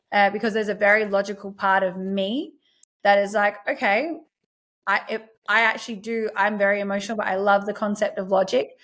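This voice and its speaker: A woman's voice: medium pitch, fairly bright tone. A young adult woman, a self-empowerment coach, talking earnestly and reflectively in a podcast interview and quoting her own inner voice.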